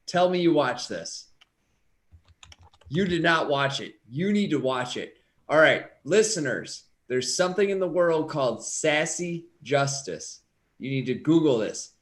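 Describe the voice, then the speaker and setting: A man co-hosting a podcast in casual chat, excitable and teasing, with a fair bit of swearing. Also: fairly high pitch, a little slow. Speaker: podcast co-host.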